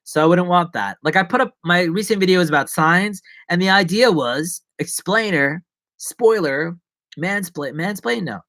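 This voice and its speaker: A man's voice: high voice, normal speed, a bit bright, dry recording. A man chatting loosely on a live stream, jumping between asides and poking fun at himself. He restarts his sentences often and lets thoughts trail off. The sound is dry and close. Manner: rambling, self-mocking, many restarts and asides. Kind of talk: casual live-stream chat.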